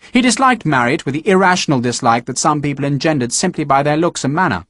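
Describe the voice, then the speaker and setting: A man narrating an audiobook in a measured, expressive storytelling manner, recorded close to a studio microphone. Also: fairly high pitch, no echo. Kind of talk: scripted narration.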